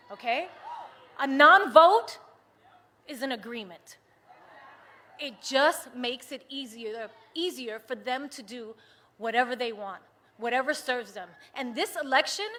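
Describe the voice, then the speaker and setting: A woman from the United States giving an impassioned political rally speech, moving from hushed, earnest talk to rousing shouts. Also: high-pitched. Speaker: rally speaker. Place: large rally venue with a cheering crowd.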